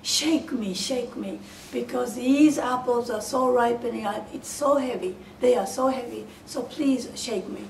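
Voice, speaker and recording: A woman's voice: fairly high pitch, measured pace, creaky, darkish tone. A woman voicing a talking apple tree, heavy with fruit, that begs to be shaken. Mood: pleading. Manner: imploring, repetitive. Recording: roomy, distant mic, faint hiss.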